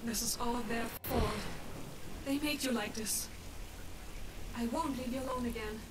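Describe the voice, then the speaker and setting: A woman voicing an anxious, regretful young big sister in a video game, speaking softly. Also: on the high side, unhurried, natural voice. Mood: resolute. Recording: distant game audio with loud noise.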